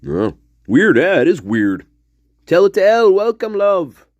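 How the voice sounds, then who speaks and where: A man ranting on a livestream, firing off profane rhetorical questions with a lively, swooping pitch. His voice is recorded close and dry, with no room sound around it. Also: a little slow, dry recording. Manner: greets chat viewers by name. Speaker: livestream host. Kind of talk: casual livestream rant.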